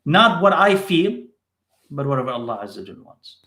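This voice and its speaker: A man's voice: on the high side, very animated, fairly quick, sharp tone, echoey room. A man teaching in a live question-and-answer session, repeating short phrases for emphasis.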